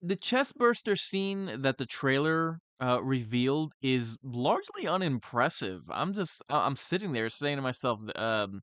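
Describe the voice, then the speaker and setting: A man with a smooth, clear voice delivers a sarcastic, exasperated review, often restarting his sentences. His pitch sits mid-range, and the sound is close and dry. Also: very animated, measured pace, few pauses, a bit bright, dry recording. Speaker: horror movie reviewer. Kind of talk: sarcastic film review monologue.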